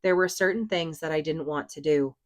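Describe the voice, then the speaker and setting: A woman reading aloud, voicing a stern but patient father who talks in a measured, lecturing way. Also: low-pitched, lightly acted. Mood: reminiscing.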